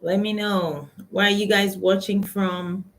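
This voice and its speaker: A woman's voice: mid-range voice, steady tone, a little slow, low-quality recording. A woman with a Nigerian accent, a coach hosting a casual live stream from her phone, greeting viewers by name and laughing often.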